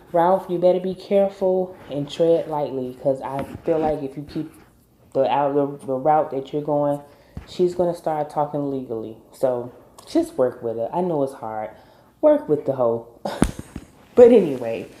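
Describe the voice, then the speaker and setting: A woman with an extremely low, dark voice recaps a TV episode vlog-style, casual and emphatic, bluntly scolding the characters along the way. She's recording in an echoey room with slight background noise.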